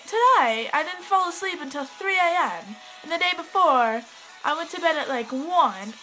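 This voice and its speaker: A woman's voice: high-pitched, sharp tone, poor audio. A teenage girl chatting in a rambling, sidetracked way to a friend, with a put-on British accent. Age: teens. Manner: rambling, giggly, easily sidetracked. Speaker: vlogger. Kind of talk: rambling casual vlog to a friend. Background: faint pop music.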